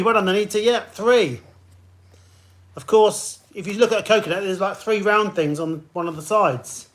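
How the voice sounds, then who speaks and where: Chatty quiz host, higher voice. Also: male voice, fairly bright tone. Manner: chatty, greets players by name between questions. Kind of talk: live-streamed pub quiz hosting.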